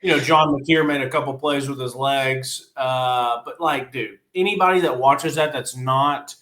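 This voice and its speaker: A man's voice: medium pitch, unhurried, a bit bright, echoey room. A man co-hosting a podcast in casual sports chat, blunt and frustrated, laughing often. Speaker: podcast co-host.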